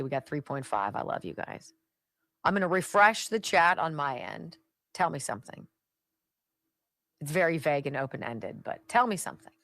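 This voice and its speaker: A woman's voice: fairly low pitch, a bit bright, no echo. A woman hosting a talk radio show, giving sarcastic political commentary and chatting with her live audience. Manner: sarcastic and chatty, drops to asides.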